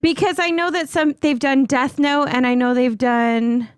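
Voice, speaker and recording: A woman's voice: sits high, steady tone, moderate pace, dry recording, clean studio sound. A woman co-hosting a podcast in casual chat, teasing and bantering flirtatiously. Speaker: podcast co-host.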